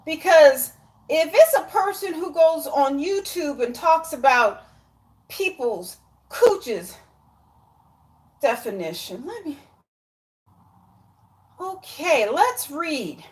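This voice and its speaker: A YouTube commentator in her forties gives casual, exasperated and sarcastic commentary, sometimes dropping into muttered asides. Her voice is high with lively intonation, and she speaks at a slow pace.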